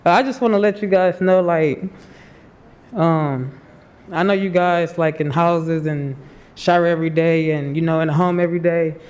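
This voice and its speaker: A man in his twenties giving a nervous, halting public comment at a city meeting, crying as he pleads for help. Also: a little high, a little mellow. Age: 20s. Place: city commission chambers.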